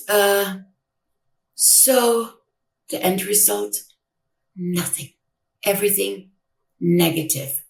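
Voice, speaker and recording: An older woman giving a personal account in an interview, speaking haltingly and repeating her words as she retells conversations. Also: medium pitch, creaky. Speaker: interview guest, grieving mother. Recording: echoey room, distant mic.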